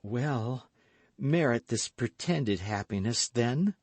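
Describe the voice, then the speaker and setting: A cold, vindictive noblewoman weaves her words slowly, coaxing and calculating, with a lifted, lilting voice that a male audiobook reader puts on. The sound is dry and close. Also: medium pitch, lively intonation, darkish tone, dry recording, voice pushed up. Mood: coaxing, scheming.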